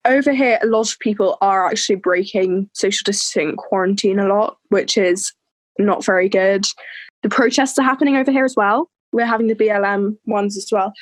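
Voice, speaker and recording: A teenage girl from England co-hosting a podcast, chatting in an animated, chatty way. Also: mid-range voice, dry recording. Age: teens. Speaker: podcast co-host. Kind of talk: casual chat.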